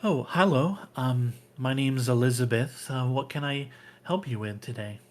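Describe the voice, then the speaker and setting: A man's voice: medium pitch, normal speed, natural voice. A man voicing a young, nervous female temple acolyte in a tabletop game, stammering and flustered. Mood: polite, flustered.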